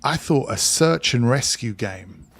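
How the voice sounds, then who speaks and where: A man from England with a blend of English and Scottish accent chats with viewers on a live game stream, reading out and answering chat as he plays. His mid-pitched voice is expressive, a little slow, somewhat bright, with a breathy edge.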